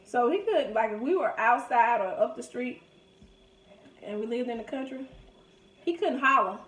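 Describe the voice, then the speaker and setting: A woman tells family stories in a relaxed, chatty way. Her voice sits a little high. The room around her is echoey. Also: normal speed, far from the mic. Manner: chatty, reminiscing, quotes people in lively voices. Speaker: vlogger. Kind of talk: casual storytelling during a food video.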